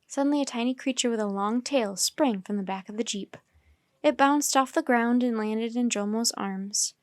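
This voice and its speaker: A woman gently reading a children's chapter book aloud as storyteller. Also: on the high side, moderate pace, no room sound, clean studio sound.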